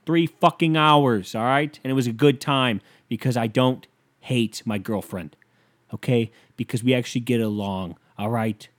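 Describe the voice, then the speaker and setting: A man's voice: mid-range voice, steady tone, moderate pace. A young man hosting his own podcast alone, rambling casually with profanity and sarcastic rants into a desk microphone. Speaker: podcast host. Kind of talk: casual solo podcast monologue. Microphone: desk microphone with pop filter.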